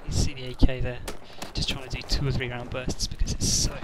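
A man's voice: mid-range voice, completely flat delivery, a little fast, very noisy. A man giving rambling, sweary, self-mocking commentary over his own gameplay. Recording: loud game gunfire and explosions behind.

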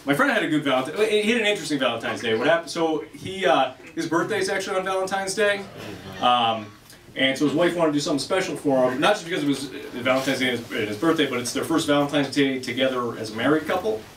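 A man's voice: a little high, expressive, quick pace. A man doing a stand-up comedy set on a club stage, rambling and self-deprecating, acting out bits of dialogue. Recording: echoey room, recorded from a distance, loud background noise.

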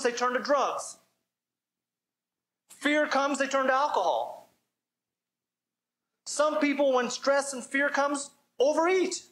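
A man's voice: extremely high pitch, a bit bright. A man giving a church sermon as pastor, preaching with emphasis and asking the listeners direct questions. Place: church service.

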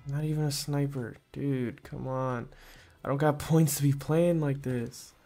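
A man talks nonstop while playing a video game, drifting between loose rants and sudden hyped reactions. His voice sits at an ordinary pitch with a gravelly, fry-laden texture. His casual talk is heavy with slang and profanity. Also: a little slow, faint music behind. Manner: profane, slangy, excitable outbursts. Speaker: gaming YouTuber. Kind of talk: rambling gameplay commentary.

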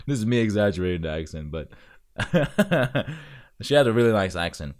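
A man hosting a reaction video, giving blunt and animated commentary with loud outbursts. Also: mid-range voice, normal speed.

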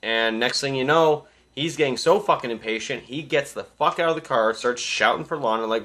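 Male reviewer with a bright, sharp voice and a loose, swear-filled, animated recap style. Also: medium pitch, normal speed, hardly any pauses. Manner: animated, swearing constantly, laughing asides. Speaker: movie reviewer. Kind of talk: casual profane film recap.

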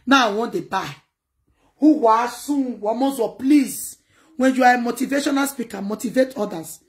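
A Nigerian woman chatting casually to her viewers on a livestream, in an animated way that mixes pidgin with another local language. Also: fairly high pitch, normal speed. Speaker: livestream host.

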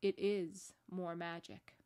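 A woman voicing a noble, calm male lion in a storybook read-aloud, speaking in a slow, grave, measured way. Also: on the low side, clear, resonant tone.

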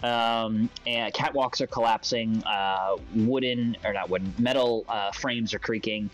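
Rambling young game master. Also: male voice, lowish voice, fairly even intonation, a little slow. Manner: rambling, full of fillers. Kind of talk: narrating a tabletop game. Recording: dull lo-fi voice chat with faint music.

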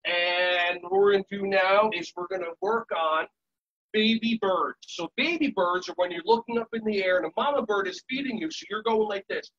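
Upbeat high-voiced man leading warm-ups. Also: normal speed, recorded from a distance, muffled recording, a little hiss or hum. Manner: upbeat, jokey, coaching the audience through breaths. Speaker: movement and relaxation instructor. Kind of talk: leading a live group warm-up. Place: conference session room.

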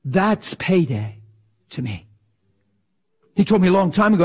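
Passionate high-voiced male preacher. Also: unhurried, husky. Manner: passionate, animated, acts out mocking voices. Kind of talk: sermon.

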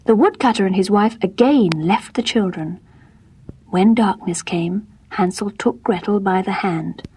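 A woman storyteller reading a fairy tale aloud in gentle, measured, soft-spoken scripted narration. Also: mid-range voice, breathy edge.

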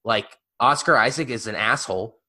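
Podcast host, man, bright edge to the voice, blunt, laughs easily. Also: mid-range voice, normal speed. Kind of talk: casual chat.

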